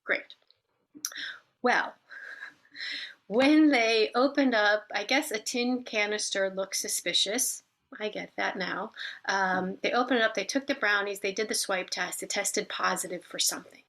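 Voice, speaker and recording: A middle-aged woman casually recounting a personal story, animated and acting out the people she quotes. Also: medium pitch, measured pace. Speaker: vlogger telling a personal story.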